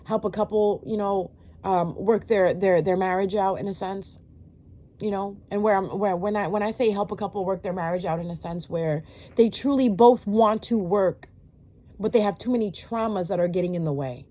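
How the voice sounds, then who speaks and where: Talking casually to her viewers, a tarot reader delivers a blunt, preachy rant full of swearing, rhetorical questions, and fillers. Her mellow voice is medium in pitch and moves at a moderate pace.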